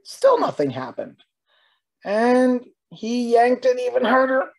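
Slow, expressive woman reading a children's story. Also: fairly high pitch, creaky. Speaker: early childhood educator. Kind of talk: children's story read-aloud.

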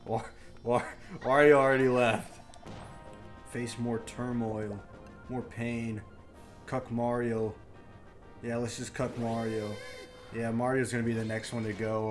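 A young man giving crude live commentary on a party video game, muttering complaints under his breath, then yelling and trash-talking the computer players. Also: mid-range voice. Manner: crude trash talk, swinging from mumbled grumbling to yelling. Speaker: gaming YouTuber.

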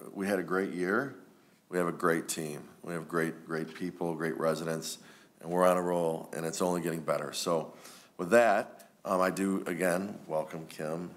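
A man giving rambling, friendly remarks with many fillers at a township board meeting. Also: deep voice. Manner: warm, rambling, many ums.

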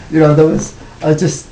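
A hesitant man with a mellow, gravelly voice, once a cellist in a band, talks reflectively in a casual interview, restarting often and saying "you know" a lot. The room sounds roomy, with a faint rumble.

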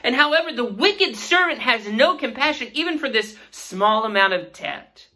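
A woman's voice: a little high, expressive, moderate pace, pushed and bright. A woman teaching a Sunday school Bible lesson in an earnest way, asking her listeners questions.

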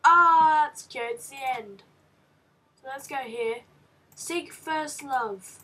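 Woman gamer, high voice, unhurried delivery, slightly off-mic; excitable let's-play commentary. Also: distant mic. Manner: excitable, reads game text aloud with reactions. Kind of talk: casual game commentary.

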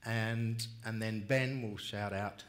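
A man's voice: on the low side, fairly even intonation, slow. A man leading a conference audience in a call-and-response song, encouraging and upbeat, calling out and demonstrating. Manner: upbeat, encouraging, calls out and sings examples. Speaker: music and dance workshop leader. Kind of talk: leading a group singing workshop.

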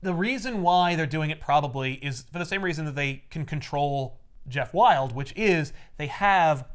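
A young adult man casually recapping a comic story, animated and jumping into quick character voices. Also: on the high side, clear, resonant tone. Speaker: podcast host recapping comics.

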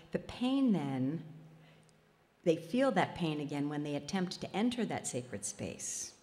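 At a festival, a spiritual healer shares a personal story with warmth, laughing at herself as she goes. Her voice is fairly low, trailed by a long reverb tail.

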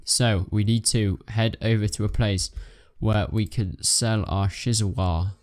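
A young man, chatting casually through a game and getting excitable in the busy moments. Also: on the low side, a little slow. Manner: chatty, self-narrating, excitable bursts. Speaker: let's play gamer. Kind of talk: casual gameplay commentary.

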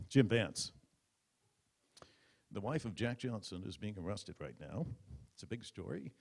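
A man's voice: mid-range voice, lively intonation, moderate pace, a little mellow. A man doing stand-up comedy on stage, telling a mock-dramatic story into a stage microphone. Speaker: comedian at a press club roast. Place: stage before a live audience.

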